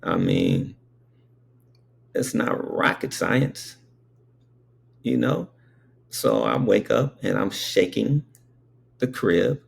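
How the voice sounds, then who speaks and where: A man's voice: mid-range voice, wildly swooping pitch, very slow, gravelly, long pauses, slightly rough. A man in his fifties telling childhood memories in a meandering, conversational way, with frequent asides to the listener. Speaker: storyteller. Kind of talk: casual spoken recollection.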